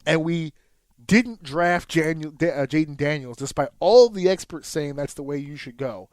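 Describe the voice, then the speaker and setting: A man's voice: on the high side, moderate pace, no room sound. A man co-hosting a podcast, telling a casual, profane story and acting out his own reactions. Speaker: podcast co-host. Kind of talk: casual chat.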